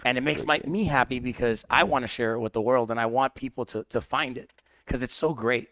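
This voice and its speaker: A man's voice: medium pitch, brisk, a bit bright, dry recording. A man playing in the match, speaking earnestly and enthusiastically about the sport and its community. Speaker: player being interviewed. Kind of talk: casual interview chat.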